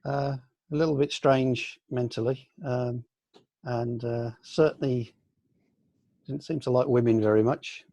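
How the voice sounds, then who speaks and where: An older man from the UK, a senior aikido teacher, reminiscing in a relaxed online question-and-answer session, with many ums and restarts. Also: mid-range voice, measured pace, no room sound. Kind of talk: casual online Q&A. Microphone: video call.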